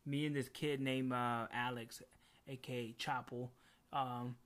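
A man's voice: medium pitch, little pitch movement, unhurried, fairly bright tone. A young man co-hosting a casual podcast, telling rambling stories with heavy swearing. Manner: loose storytelling with heavy swearing. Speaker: podcast co-host. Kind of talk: casual chat.

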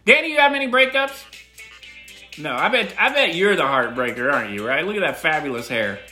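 A middle-aged man talks in a loose, rambling voice message, with a swinging, lively pitch. His voice is bright and forceful, and he hammers on repeated words. Faint music plays underneath. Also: fairly quick. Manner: animated and emphatic, with repeated words. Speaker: listener sending a voice message. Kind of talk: casual rambling monologue.

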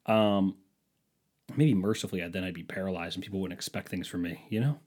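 A man's voice: low-pitched, fairly quick, a little mellow. A man telling stories in a casual monologue, sardonic and profane, mimicking people in mocking voices.

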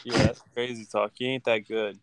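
A man's voice: on the low side, level tone, normal speed, clear, resonant tone, no echo. A young man co-hosting a podcast in a casual chat, giving blunt, emphatic opinions. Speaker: podcast co-host.

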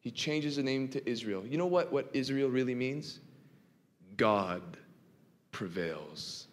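A man preaches in a church sanctuary, his voice mid-pitched and dramatic. He swings from near-whispers to impassioned climbs and keeps asking the congregation questions. A long reverb hangs behind every line. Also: moderate pace. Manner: asks the congregation rhetorical questions. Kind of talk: sermon. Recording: long reverb of a large hall.

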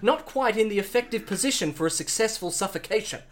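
Playful storyteller with a lively pitch. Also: quick pace. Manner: playful, laughs often. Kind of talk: improvised comic story narration.

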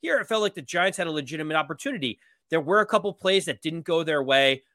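A man talking football on a podcast with a bright, forceful tone. He argues his points with emphatic energy, and the sound is dry and close. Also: on the high side, fast talker, dry recording. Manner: animated, emphatic game analysis. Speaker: podcast co-host. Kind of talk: casual sports podcast chat.

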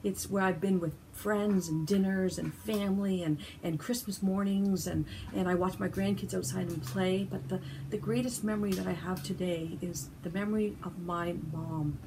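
A woman's voice: lowish voice, steady tone, noisy background. An older woman and grandmother giving a heartfelt devotional talk from her home sunroom, telling stories and stumbling into restarts. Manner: warm storyteller, halting with restarts.

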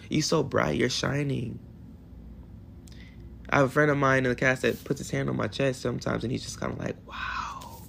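A man in his twenties hosting a solo podcast in a hotel room, talking in an emotional, affirming way with animated bursts. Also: mid-range voice, vocal fry, a little hiss or hum. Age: 20s. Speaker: podcast host.

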